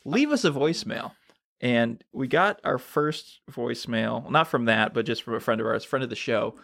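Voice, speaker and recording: A man co-hosting a casual podcast who laughs easily and tells stories with energy. His voice has a gravelly rasp, recorded dry and close to the microphone. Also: medium pitch, moderate pace, no echo. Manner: laughing often, animated storyteller. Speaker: podcast co-host. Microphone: podcast mic.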